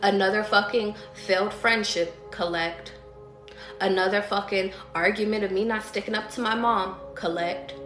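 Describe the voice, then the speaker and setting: A woman's voice: mid-range voice, level tone, brisk, hardly any pauses, fairly bright tone. A woman tarot reader goes off in a blunt, cussing live-stream rant, hammering her points home again and again. Her voice sits in the middle of a woman's range. The room rings with echo, and faint music plays underneath. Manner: blunt, profane, emphatic, repeats herself, preaches to her audience.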